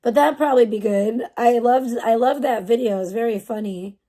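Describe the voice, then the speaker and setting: A woman's voice: fairly high pitch, fairly quick, dark tone. A young woman chatting casually on a livestream, swearing a lot and answering chat in a bemused, exasperated way. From United States. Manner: profane, exasperated, bemused, talking back to chat. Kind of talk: casual live-stream chat.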